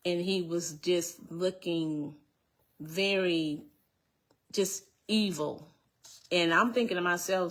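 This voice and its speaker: A woman with a slightly low voice tells her personal testimony. She speaks earnestly and turns to address her listeners directly. She comes back to the same phrases again and again as she tells it. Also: unhurried, fairly bright tone.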